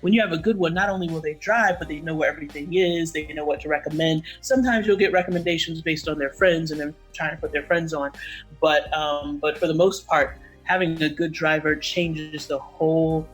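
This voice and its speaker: A woman's voice: low-pitched, steady tone, brisk, soft background music, low-quality recording. A woman co-hosting a podcast in casual chat, teasing her co-host and giving listeners travel advice.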